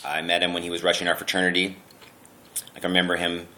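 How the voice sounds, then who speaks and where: Man in his 30s, low voice, bright and forceful, deadpan roast toast. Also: fast talker. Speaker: friend giving a birthday toast.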